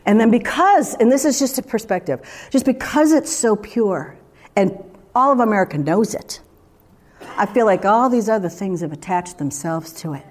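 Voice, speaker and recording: A woman's voice: medium pitch, lively intonation, normal speed. A woman preaching a sermon in a conversational, emphatic way, full of rhetorical questions.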